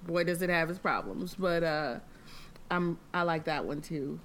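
A woman hosting a podcast, chatting in a lively way and laughing often. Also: on the low side, slight background noise. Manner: chatty, animated, quick to laugh. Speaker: podcast host. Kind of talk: casual conversation.

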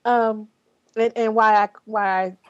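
A woman's voice: fairly high pitch, fairly even intonation, a little slow, muffled recording. A woman hosting a podcast in casual talk, speaking bluntly with frequent swearing, fillers and restarts. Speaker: podcast host.

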